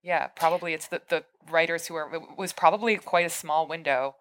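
A woman's voice: low voice, brisk. A woman author being interviewed about her novel at a bookshop event, talking in a chatty way with lots of fillers and restarts. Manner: chatty, full of fillers and restarts, animated retelling. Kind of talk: conversational book talk at a live event.

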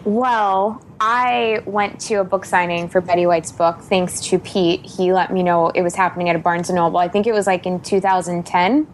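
A young woman co-hosting a casual chat, telling a story in an animated, gushing way. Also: fairly low pitch, normal speed, hardly any pauses, a little hiss or hum.

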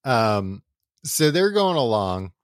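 A young adult man co-hosting a podcast, rambling through a book's plot and tossing off quick character voices. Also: mid-range voice, sing-song, smooth, no echo, studio quality. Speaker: podcast co-host. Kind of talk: casual chat, recapping a book.

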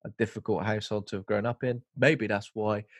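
A man's voice: lowish voice, a little fast, no echo. A young man co-hosting a casual film review podcast, telling stories and acting out what characters say. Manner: animated storyteller who acts out quotes. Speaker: podcast co-host.

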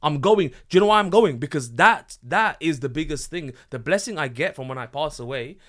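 A man who is a business founder and guest on a podcast, talking in a fervent, animated way and restarting his sentences often. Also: fairly high pitch, fairly quick. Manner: animated and fervent, many restarts, rising sharply when excited. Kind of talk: casual podcast conversation.

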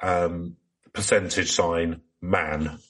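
A man guesting on a podcast, chatting casually and jokily with quick interjections. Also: low voice, steady tone, fairly bright tone. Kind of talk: casual comedic chat.

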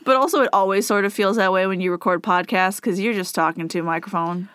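A woman's voice: mid-range voice, quick pace, fairly bright tone, smooth, no room sound. Woman co-host, casual and giggly, reads mail on air, dry close sound. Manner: giggly, reads listener emails aloud. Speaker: podcast co-host. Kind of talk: casual chat.

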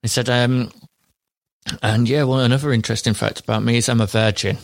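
A man's voice: medium pitch, fairly quick, vocal fry. A man chatting casually as a podcast co-host, retelling a show with acted-out quotes and frequent laughter. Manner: animated storyteller, acts out quotes, laughs often. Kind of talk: casual chat.

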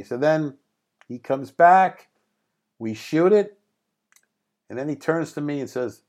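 With a slightly high voice at normal speed and frequent pauses, a middle-aged film director shares anecdotes in an interview. He plays the lively raconteur, acting out quotes and often laughing.

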